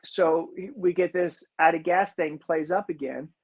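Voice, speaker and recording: This podcast co-host has a fairly high, husky voice with fairly even intonation and a moderate pace, heard through dull audio. He casually rambles through a movie recap, leaning on "you know" and acting out lines.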